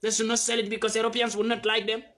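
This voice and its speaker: A man from West Africa speaks in a high register, driving each point home with blunt repetition. His delivery is fiery and preacher-like, swinging between loud outbursts and low, pressing phrases. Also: completely flat delivery, fast talker. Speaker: activist commentator. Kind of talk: impassioned monologue.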